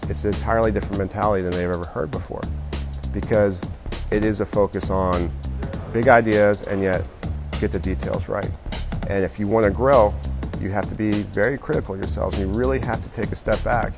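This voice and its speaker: A man's voice: lowish voice, steady tone, a little fast, vocal fry. A man speaking earnestly as a company executive in an interview. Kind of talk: interview over music. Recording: music bed behind the voice.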